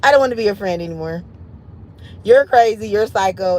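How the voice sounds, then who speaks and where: A woman in her late thirties telling a story on a livestream in an animated, emphatic, foul-mouthed way. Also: medium pitch, normal speed, poor audio. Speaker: livestream host.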